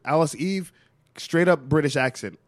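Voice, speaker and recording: A man's voice: a little high, normal speed, no echo. A man co-hosting a casual movie-review chat, an eager fan who rambles through fillers and asides. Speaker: podcast co-host.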